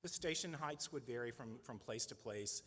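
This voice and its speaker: A man's voice: medium pitch, moderate pace, a bit bright. A middle-aged man leading a nonprofit, giving a conversational, earnest speech at a fundraising breakfast and often adding "right?" as an aside. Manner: conversational and earnest, with frequent "right?" tag questions. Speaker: nonprofit leader addressing donors. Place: large event hall. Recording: reverberant banquet hall.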